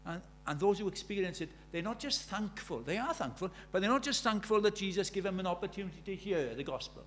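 A man preaching a sermon, animated, shifting from loud emphatic lines to quiet asides. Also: high-pitched, quick pace, slight background noise.

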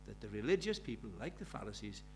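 An older man preaching a sermon, earnest, swinging between quiet reflection and emphatic, pleading passages. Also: fairly low pitch, very animated, quick pace, vocal fry, a little hiss or hum. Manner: earnest, swinging between soft and emphatic, acts out quoted prayers.

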